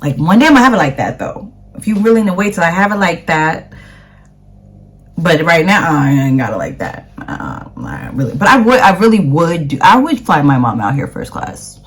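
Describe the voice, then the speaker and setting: A woman's voice: on the low side, big pitch swings, moderate pace. A woman from the United States, a vlogger chatting casually to camera in a rambling way with plenty of fillers.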